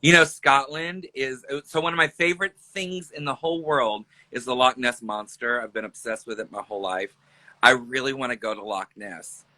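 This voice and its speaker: A man's voice: medium pitch, moderate pace, bright, forceful tone, dry recording, rough recording. A man in his thirties, a drag performer chatting casually on a livestream, joking and laughing often. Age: 30s.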